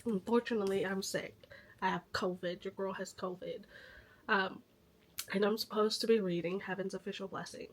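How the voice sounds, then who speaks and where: A woman vlogging casually about books, hoarse with a stuffy nose from illness, chatty and a little dramatic about it. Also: mid-range voice, fairly even intonation, moderate pace. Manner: chatty, self-aware dramatic. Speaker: book vlogger. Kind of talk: casual vlog chat.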